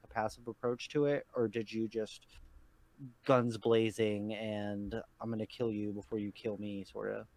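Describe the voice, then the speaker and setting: A man's voice: medium pitch, no room sound. Man ranting with heavy swearing. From New York state. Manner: heated, swearing ranter. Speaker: podcast co-host. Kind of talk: casual chat.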